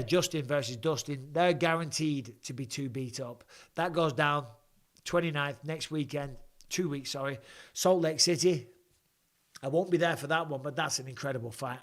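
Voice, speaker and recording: A man's voice: mid-range voice, fairly bright tone. A man, hosting a casual live stream and reading viewer comments with blunt, swearing, mock-annoyed banter. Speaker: host of a live show.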